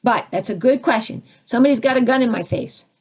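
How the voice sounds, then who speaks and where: A woman's voice: on the high side, a little fast, husky. A woman spiritual teacher answering audience questions, who acts out little scenes with sudden swings in her voice.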